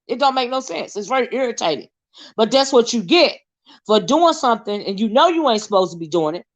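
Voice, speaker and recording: A middle-aged woman with a Southern American drawl, talking straight into the camera in an unscripted commentary. Her voice sits a little high, and she is blunt and combative, tossing in "right?" after her points. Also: fairly bright tone, lo-fi sound. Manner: blunt and confrontational, with frequent "right?" tag questions. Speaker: online commentary host.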